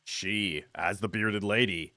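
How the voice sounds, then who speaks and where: A man's voice: fairly low pitch, slow pace, bright, forceful tone, no room sound. A man streaming a video game, chatting playfully with his viewers and laughing often. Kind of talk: casual gameplay commentary.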